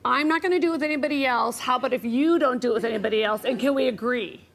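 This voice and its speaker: A woman co-hosting a talk show, teasing and giving quick advice. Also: high voice, vocal fry, fairly bright tone. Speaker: co-host.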